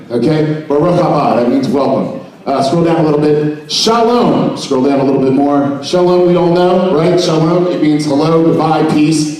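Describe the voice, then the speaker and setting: At a trade expo, a man with a fairly high-pitched, darkish voice runs a joking mock seminar, playfully getting the live audience to repeat words after him. The large hall is echoey, and his voice is picked up from far off.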